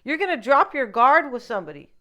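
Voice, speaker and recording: A woman's voice: high-pitched, big pitch swings, fast, sharp tone. A woman giving a casual tarot reading, rambling and opinionated, with frequent asides. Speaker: tarot reader.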